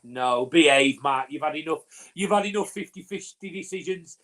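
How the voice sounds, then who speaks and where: A Northern English man co-hosts a live fan watch-along of a rugby league match, his voice a little high and fairly bright at a moderate pace. His commentary rambles, full of fillers and restarts, and he talks over his co-host.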